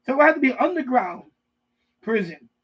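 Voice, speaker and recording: Man, high-pitched, husky, profane rambling rant, live stream host, basement. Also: animated, a little fast, a bit bright, rough recording. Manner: profane, repetitive, riffing with mock voices. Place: basement room.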